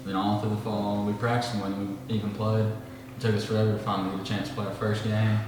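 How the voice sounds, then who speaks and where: A teenage football player answers an interview question plainly and steadily. His voice is low and flat. The sound is distant and noisy, with a long hall echo. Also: quick pace. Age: teens. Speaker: high school football player.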